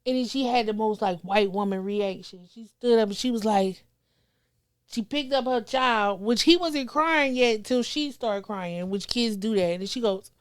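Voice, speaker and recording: A woman, telling wild stories as a comedian guest, animated and profane, acting out the people she quotes. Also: fairly high pitch, moderate pace, clear, resonant tone, no echo, studio quality. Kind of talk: casual storytelling chat.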